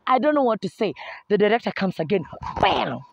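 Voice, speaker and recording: A young woman with a Kenyan accent telling a humorous personal story to her viewers in an animated way. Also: medium pitch, fast, dry recording, dull audio. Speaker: vlogger. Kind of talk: storytime vlog.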